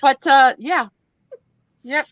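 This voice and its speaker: A woman's voice: high-pitched, slow pace, no room sound, muffled recording. A woman on a casual live chat, telling funny personal stories and acting out the voices in them. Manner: animated, self-deprecating, acts out voices in her stories. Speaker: guest on a live vintage photo sale stream.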